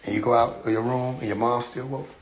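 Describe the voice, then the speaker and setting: With a husky, medium-pitched voice, a young streamer talks fast through a funny story from his childhood. The monologue is casual and animated, full of laughter and profanity.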